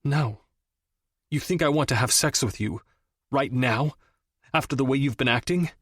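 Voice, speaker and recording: A man's voice: mid-range voice, normal speed, fairly bright tone, dry recording, voice pushed up, natural voice. A man voicing a young woman escort in an audiobook, defiant and close to tears, pleading and wailing. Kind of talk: audiobook character voice.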